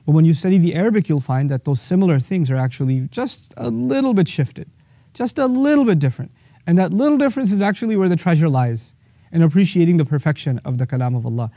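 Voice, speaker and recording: A man's voice: fairly high pitch, expressive, fast, dark tone, no room sound, clean studio sound. A man teaching a religious lesson, quoting verses in Arabic and then explaining them patiently. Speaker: Islamic teacher.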